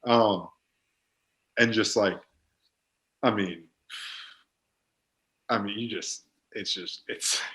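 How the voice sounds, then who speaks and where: A man's voice: on the low side, extremely slow, long pauses, a bit bright. A young man in his twenties, a football player guest on a podcast, telling stories in a laid-back way with lots of fillers. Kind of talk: casual podcast chat.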